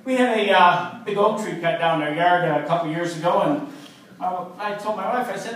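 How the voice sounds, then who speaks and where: Man, 50s, stand-up comic, high voice, distant and echoey club sound. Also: brisk, a bit bright, slight background noise. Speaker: stand-up comedian. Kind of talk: stand-up comedy set. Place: comedy club stage.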